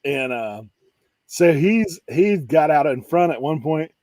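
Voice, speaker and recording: A man in casual chat about reselling, telling animated stories and laughing often. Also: fairly high pitch, slow pace, no echo.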